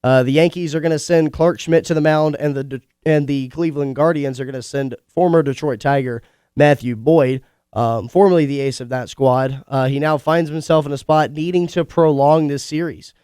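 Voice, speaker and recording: A young man hosts a college radio sports show. His congested voice still comes through smooth and clear, sitting a little high for a man. The studio sound is dry and close, and he talks in a chatty, opinionated way with quick asides. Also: steady tone, a little mellow, dry recording. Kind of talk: casual sports talk monologue.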